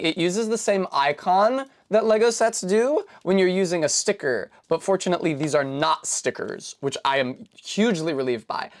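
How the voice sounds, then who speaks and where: A woman from New England streaming casually as she builds a Lego set, rambling through long digressions with many fillers and self-corrections. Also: sits low. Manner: rambling, digressive, chatty explainer.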